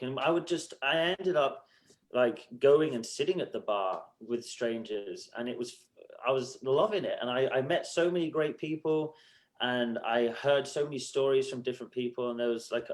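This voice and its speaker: An animated man telling a story as a podcast guest. He acts out conversations in other voices and swears freely. His pitch leaps around a lot. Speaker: podcast guest, band musician. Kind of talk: casual storytelling.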